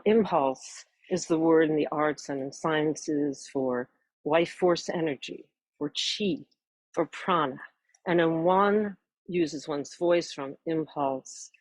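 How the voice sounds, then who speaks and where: A woman in her sixties, a voice teacher, earnestly introducing her course at a measured pace with warm emphasis. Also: deep voice, no echo, rough recording.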